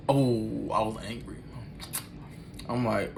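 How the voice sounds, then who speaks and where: A man's voice: medium pitch, fairly even intonation, unhurried, vocal fry, a little hiss or hum. A man animatedly telling a personal story in loose, slangy talk, acting out every line of the dialogue himself.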